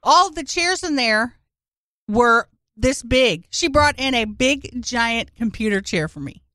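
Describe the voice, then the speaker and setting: A woman co-hosting a podcast in casual chat, joking crudely in a deadpan way. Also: a little high, takes it slowly, no room sound. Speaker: podcast co-host.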